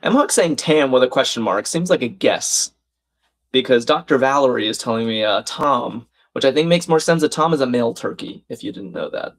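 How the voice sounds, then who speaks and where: A man's voice: mid-range voice, animated, brisk, a bit bright. A man hosting a live crossword stream, thinking aloud, reading out viewers' chat comments and laughing often.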